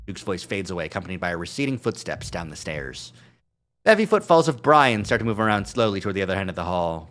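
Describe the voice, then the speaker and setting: A man's voice: deep voice, very animated, quick pace, fairly bright tone. A male streamer reading a visual novel aloud on a live stream, adding joking asides. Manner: reads narration with asides and chuckles.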